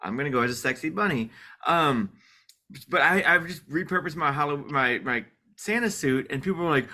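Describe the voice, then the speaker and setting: Bright-voiced joking male podcast host. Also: a little high, lively intonation, a little fast. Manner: rambling, filler-heavy, joking. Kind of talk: casual chat.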